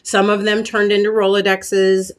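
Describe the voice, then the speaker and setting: At a measured pace and in a flat, mid-range voice, a woman from the United States hosts a casual live craft stream, chatting with viewers and reading comments. She's chatty and warm, uses many fillers, and frequently clears her throat because of a catch in it.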